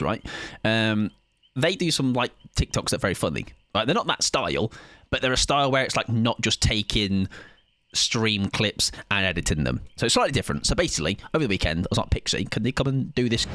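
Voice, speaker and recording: A young man streaming a game, chatting loudly and energetically with his viewers and laughing often. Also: lowish voice, dry recording. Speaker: livestreamer. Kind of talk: casual gaming livestream chat.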